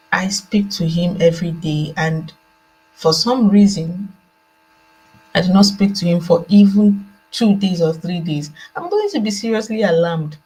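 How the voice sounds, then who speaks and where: A woman's voice: mid-range voice, breathy edge, rough recording. A Nigerian woman speaking earnestly on a video call from home at night, repeating herself as she works through her thoughts, with a laptop fan running. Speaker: guest joining by video call. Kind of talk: call-in discussion.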